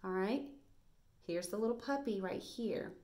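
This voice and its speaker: A woman teaching a first grade reading lesson on video, speaking in a bright, encouraging classroom voice with plenty of praise. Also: mid-range voice, unhurried. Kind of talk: recorded video lesson for young children.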